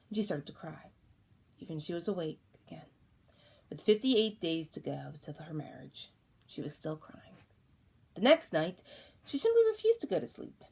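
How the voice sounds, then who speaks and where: A woman reading a storybook aloud in a calm, even way, taking on voices for the characters. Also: fairly low pitch, normal speed, vocal fry, pauses often, husky. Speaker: audiobook reader.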